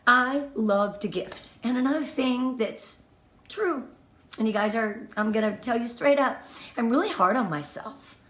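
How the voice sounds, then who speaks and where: A woman's voice: a little high, measured pace. Bubbly woman in her fifties, echoey room. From Southern California. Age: 50s. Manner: bubbly, effusive, emotional and lively. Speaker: team leader giving a live training. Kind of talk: livestream motivational talk.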